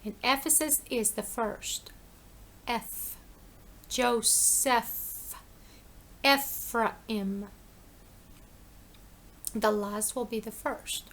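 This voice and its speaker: Woman preaching an informal sermon in a high, gravelly voice. She talks in an emphatic, conversational way, posing questions and answering them herself, and repeats her phrases for weight. Her delivery is slow and deliberate, with a bright edge.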